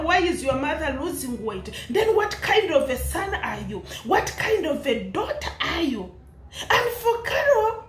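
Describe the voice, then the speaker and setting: A woman's voice: very high-pitched, echoey room. A woman with an East African English accent ranting in commentary, indignant and laughing, firing rhetorical questions. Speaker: commentary vlogger.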